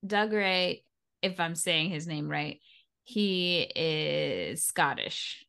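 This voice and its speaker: Lower-voiced woman, chatty podcast co-host. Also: lively intonation, very slow, vocal fry, bright, forceful tone, smooth. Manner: chatty and amused, with frequent laughs. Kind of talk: casual chat.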